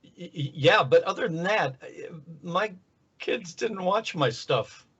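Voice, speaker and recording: An older man, a voice actor, chatting in an easygoing, relaxed way in an interview. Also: sits high, slow, husky. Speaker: guest voice actor. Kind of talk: casual interview chat. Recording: dull lo-fi sound.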